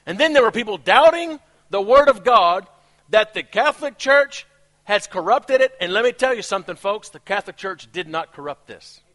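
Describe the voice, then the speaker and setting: A man with a non-native English accent preaching a sermon as a pastor, animated, laughing at his own asides. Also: high-pitched, moderate pace.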